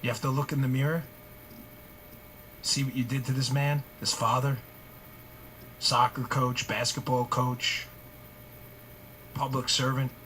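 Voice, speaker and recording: A man's voice: medium pitch, little pitch movement, unhurried, pauses often, bright, forceful tone, slight background noise. Impassioned male talk show host. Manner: impassioned, rhetorical, repeats questions for emphasis. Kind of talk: heated political commentary monologue.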